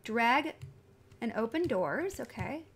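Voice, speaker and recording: High-voiced chatty woman streamer. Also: lively intonation, takes it slowly, breathy edge. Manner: chatty and scattered, reading viewer comments aloud. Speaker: live-streamer playing a video game. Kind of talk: casual live-stream chat.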